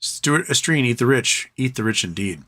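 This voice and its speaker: A man's voice: medium pitch, expressive, normal speed, fairly bright tone. A man hosting a casual livestream, reading viewer comments aloud and riffing on them in a loose, joking, profane way. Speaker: livestream host.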